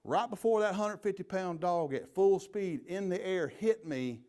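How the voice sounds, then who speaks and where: Folksy police chief telling stories. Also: male voice, high-pitched, measured pace. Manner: lively storyteller, folksy and joking. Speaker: police chief and leadership trainer. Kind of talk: leadership training talk with stories.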